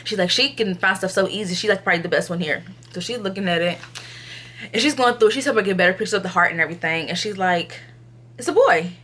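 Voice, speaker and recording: A young woman vlogging to camera, retelling an ultrasound visit casually, acting out what others said, sometimes subdued and low in energy. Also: fast talker. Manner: animated retelling, acts out others' quotes, filler-heavy.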